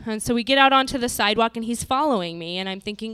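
Woman telling a true story, dramatic delivery, fairly high voice, smooth and clear. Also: very fast, hardly any pauses, fairly bright tone, no room sound. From Montana, USA. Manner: vivid, dramatic retelling. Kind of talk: personal storytelling.

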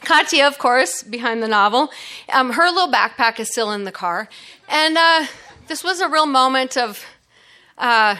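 A woman's voice: high-pitched, animated, normal speed, pushed and bright. A middle-aged woman telling a personal story in a chatty way, laughing often and using lots of fillers.

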